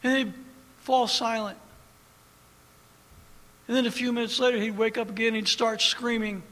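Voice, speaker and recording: A man preaching with a high, bright voice that rings with a long hall reverb. He swings between hushed, quiet storytelling and loud, impassioned preaching. It sounds like a fervent pulpit sermon. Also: fairly even intonation, moderate pace.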